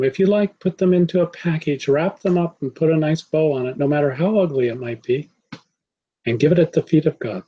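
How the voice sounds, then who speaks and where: A man giving a spiritual talk, calm, measured and devotional. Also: on the high side, muffled recording. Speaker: spiritual teacher. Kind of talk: sermon.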